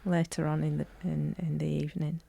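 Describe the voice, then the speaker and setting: Woman, low gravelly voice, dry close mic, chatty storytelling on a podcast. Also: level tone, brisk, mellow, no echo. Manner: chatty, anecdotal, laughs easily. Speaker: podcast co-host. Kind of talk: casual podcast discussion.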